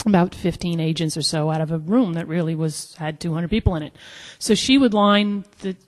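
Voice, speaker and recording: A woman telling a personal story live at a storytelling event, animated and acting out the dialogue. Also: lowish voice, a little fast. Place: museum event hall. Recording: long hall reverb at live event.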